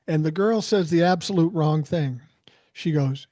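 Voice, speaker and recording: A man co-hosting a casual podcast, telling animated stories and swearing freely. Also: a little high, moderate pace, no room sound. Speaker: podcast co-host. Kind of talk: casual storytelling chat.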